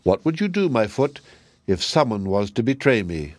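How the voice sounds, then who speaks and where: A man's voice: lowish voice, big pitch swings, normal speed, no echo. A man voicing a cunning male fox trickster in a raised, teasing voice. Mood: sly.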